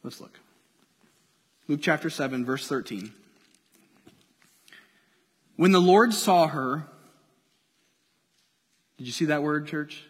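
A male pastor preaching with a notably high voice, playful and engaging as he pulls the congregation along. His words ring out with a long church-hall reverb. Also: slow pace, long pauses, breathy edge. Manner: lively, playful, draws the congregation in. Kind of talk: sermon.

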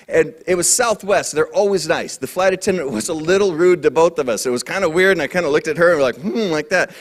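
A male minister preaching a sermon, telling a personal story and moving between raised, emphatic passages and low, hushed ones.

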